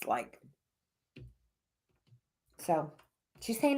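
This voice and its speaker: A woman's voice: lowish voice, expressive, slow pace, pauses often, a little mellow, slight background noise. A woman giving oracle card readings on a casual livestream, rambling with many fillers and restarts.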